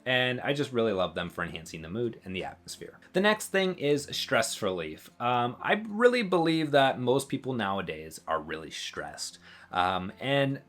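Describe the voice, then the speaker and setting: A man talking casually to camera in a relaxed, rambling way, with many fillers and small laughs. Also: medium pitch, normal speed. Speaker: channel host.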